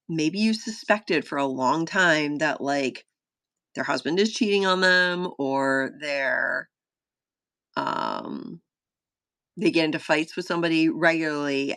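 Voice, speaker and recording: A woman streaming a playtest of her solo journaling game, talking casually to her chat, full of fillers, gasps and sudden bursts of excitement. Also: low-pitched, dry recording. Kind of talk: casual live-stream thinking aloud.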